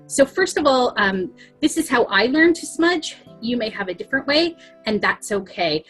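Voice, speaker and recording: A woman leading a children's circle time on a video call, talking gently and reassuringly with many ums. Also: fairly high pitch, lively intonation, slightly rough, faint music behind. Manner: slow, soft-spoken and reassuring, with many ums. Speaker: early-years facilitator leading circle time. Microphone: laptop webcam on a video call.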